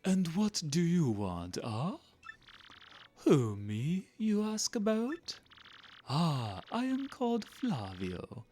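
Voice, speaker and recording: A man's voice: fairly high pitch, wildly swooping pitch, slow, darkish tone, pitched above the performer's own voice, heavily acted. A man doing a pompous, theatrical rich merchant. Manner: pompous, theatrical, with a put-on foreign lilt. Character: vain dramatic rich male merchant.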